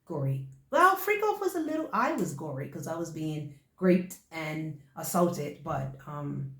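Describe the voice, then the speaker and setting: A woman's voice: deep voice, big pitch swings, a bit bright. A woman with a Bermudian accent, co-hosting a casual chat and talking in a rambling, chatty way. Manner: chatty, rambling, quick to laugh. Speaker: podcast co-host and actress. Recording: echoey room.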